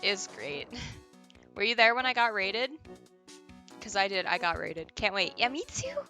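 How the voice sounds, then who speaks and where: A woman's voice: mid-range voice, a little slow, pushed and bright, soft background music. A woman streaming a game, chatting casually and giggling as she answers chat.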